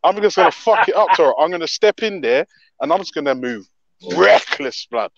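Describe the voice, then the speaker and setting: A man's voice: on the high side, lively intonation, fairly quick, fairly bright tone. A British man in casual group call banter, boisterous and swearing as he jokes around. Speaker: call participant. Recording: dull lo-fi call with faint noise.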